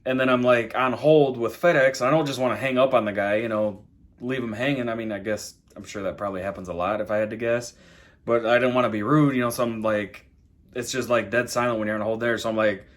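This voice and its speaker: A man's voice: lowish voice, fairly even intonation, fast. A man vlogging from home, telling a long casual story, rambling and full of "I'm like" and "you know". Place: home, dogs in the background.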